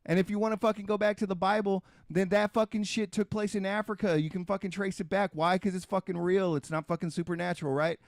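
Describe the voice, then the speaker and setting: Profane ranting man, slightly high voice. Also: level tone, fast, vocal fry, few pauses, no echo, studio quality. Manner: heavily profane, emphatic ranting; repetitive, restarts and rhetorical questions. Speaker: podcast host. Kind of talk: casual podcast rant.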